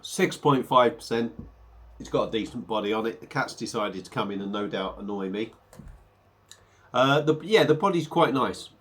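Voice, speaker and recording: A man chats his way through a home beer review. He rambles a bit, stops and restarts, and sounds slightly under the weather. His voice sits at an ordinary middle pitch. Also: expressive, normal speed, fairly bright tone. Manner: rambling, chatty, hesitant fillers. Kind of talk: casual beer review vlog.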